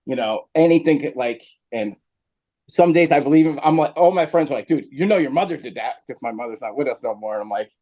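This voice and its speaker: A man's voice: medium pitch, fast talker, dull audio. A man from New Jersey, a podcast guest, telling a long story in casual chat, full of fillers and asides. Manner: rambling, animated storyteller with many fillers.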